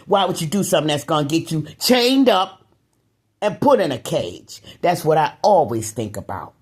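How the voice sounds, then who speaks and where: A woman talking to camera in a casual monologue, excitable and emphatic, dropping to low mutters and then rising to raised, riled-up outbursts with repeated words. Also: moderate pace, husky. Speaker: vlogger.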